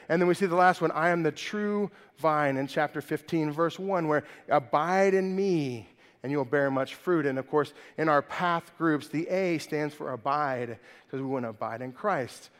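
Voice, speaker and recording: A man's voice: on the high side, big-room sound. A man preaching a sermon as pastor, emphatic and fond of rhetorical questions like "right?".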